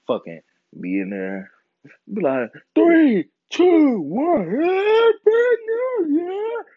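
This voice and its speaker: Animated ranting man, dull dry sound. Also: fairly low pitch, husky, no room sound. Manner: profane, animated ranting with mocking put-on voices. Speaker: podcast host. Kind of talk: casual monologue.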